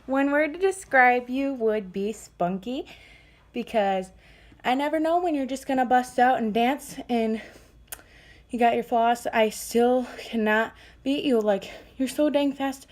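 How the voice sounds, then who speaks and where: A woman's voice: a little high, unhurried. A young woman giving a playful, affectionate farewell message to a friend. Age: young adult.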